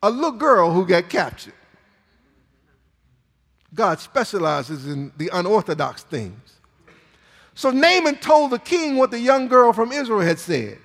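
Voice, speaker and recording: Male pastor, high and expressive, emphatic sermon delivery, reverberant church. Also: unhurried, long pauses. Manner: dramatic, emphatic preaching with sudden swings in volume. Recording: long reverb in a large hall.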